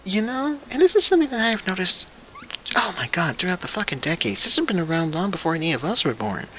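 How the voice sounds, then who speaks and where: A young man rants straight to camera in a loose, swearing, disbelieving way. His voice sits a bit high and comes across bright and forceful, with a faint hiss underneath. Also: fast talker. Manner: animated, profane, incredulous. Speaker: vlog host. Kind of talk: casual opinion rant.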